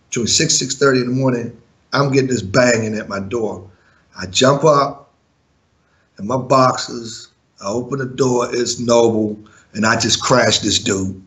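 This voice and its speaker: A man and former music manager telling a story in an interview, blunt and profane, chuckling now and then. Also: medium pitch.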